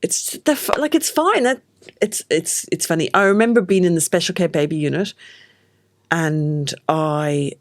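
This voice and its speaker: A middle-aged woman from Australia, a baby sleep consultant hosting a casual chat and acting out quotes with big jumps in pitch. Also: moderate pace, no room sound.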